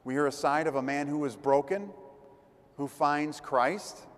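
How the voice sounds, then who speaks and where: A man's voice: fairly high pitch, a little slow. A man giving a conversational sermon as a priest, retelling gospel stories and acting out the crowd's voices. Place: church. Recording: long church reverb.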